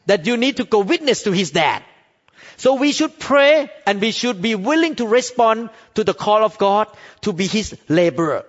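A man's voice: sits high, in a large hall, highs cut off. A man preaching a sermon as pastor in accented, non-native English, emphatic and repetitive, often calling out for an amen from the congregation.

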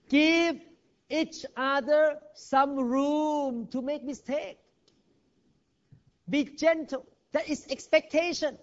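Speaking non-native English, a male pastor with a very high voice preaches slowly, his intonation fairly even. He is emphatic, swinging between loud and hushed, and the church hall recording is dull and lo-fi.

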